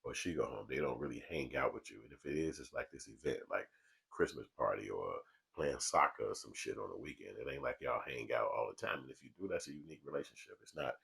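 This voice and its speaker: A man with an extremely deep voice talks in a calm, mellow, relaxed way to a small camera alone in a small studio. His tone is gravelly and husky, and his talk is loose and full of casual swearing. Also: fast talker. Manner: laid-back, swearing street talk. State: relaxed from smoking. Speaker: vlog host. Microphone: small camera mic.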